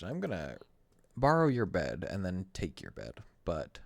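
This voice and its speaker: A man's voice: deep voice, huge pitch swings, unhurried, gravelly, no echo. A man streaming a game, talking through his moves in a rambling, wry, self-correcting way at his desk microphone. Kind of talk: casual gameplay commentary.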